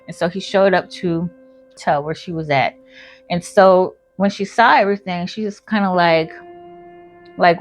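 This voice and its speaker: A woman's voice: fairly low pitch, measured pace. Brief: woman storyteller, casual and rambling, faint music underneath. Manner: rambling, filler-heavy retelling.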